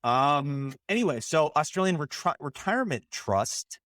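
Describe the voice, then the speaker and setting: A man's voice: fairly high pitch, sing-song, moderate pace, a bit bright, no echo, clean studio sound. A man co-hosting a podcast in a loose, joking way, swearing freely and trailing off with fillers. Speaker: podcast co-host. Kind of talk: casual chat.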